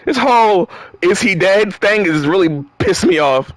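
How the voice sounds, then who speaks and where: A man's voice: high voice, lively intonation, measured pace, dry recording. A man playing through a game and reacting to it in casual commentary, with exasperated, profane rants and stumbling restarts. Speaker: gamer reading and reacting to game dialogue.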